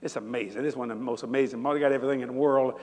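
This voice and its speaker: An older man preaching a sermon in a large church, animated and folksy, building from easy talk to shouts. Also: medium pitch, rapid-fire, in a large hall.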